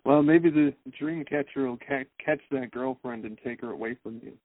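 A man co-hosting a casual podcast, telling a story in an animated, wry way. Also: medium pitch, moderate pace. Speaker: podcast co-host. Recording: narrow phone-like sound, dry.

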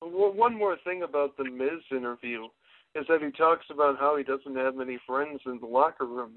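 A man's voice: medium pitch, moderate pace, no echo. A man co-hosting a casual wrestling podcast, giving blunt, emphatic opinions. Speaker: podcast co-host. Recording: dry, phone-like narrow sound.

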